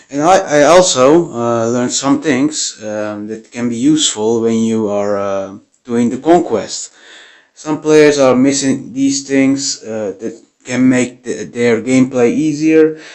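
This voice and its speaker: A man hosting his first gaming video, giving game tips in a nervous, apologetic way with many halting fillers. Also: medium pitch, darkish tone. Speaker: gaming channel host.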